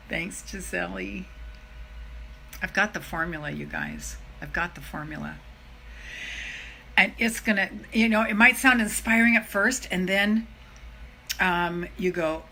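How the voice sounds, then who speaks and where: Middle-aged woman, self-love coach, middle-pitched voice, earnest and chatty live talk that repeats its points. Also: big pitch swings, slow, vocal fry, pauses often, pushed and bright, slight background noise, rough recording. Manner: earnest, emphatic, repeats key phrases; chatty, addresses viewers as "you guys". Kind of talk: live motivational talk to viewers.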